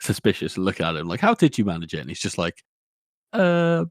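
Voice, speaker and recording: Man, podcast co-host, lively swinging pitch, laughs a lot, dry sound. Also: rapid-fire, no room sound. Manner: animated, laughs often, acts out lines in high voices. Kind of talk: casual book discussion.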